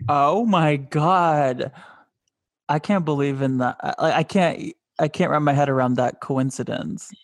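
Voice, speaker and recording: A man's voice: a little high, unhurried. A man hosting, giving short amazed reactions to a guest's story. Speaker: host listening.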